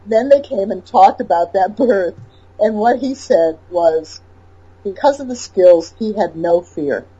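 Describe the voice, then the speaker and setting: A woman's voice: medium pitch, unhurried, husky, lo-fi sound. A woman interviewer and birth educator telling an anecdote with emphatic repetition in a casual chat. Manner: animated storyteller, emphatic repetition.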